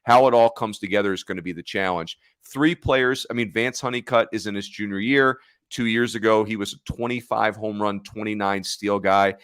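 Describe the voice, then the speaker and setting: A man's voice: lowish voice, fairly bright tone, clean tone, dry recording, studio quality. A man co-hosting a sports podcast in casual chat, talking in a chatty way, correcting himself and laughing easily. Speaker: podcast co-host.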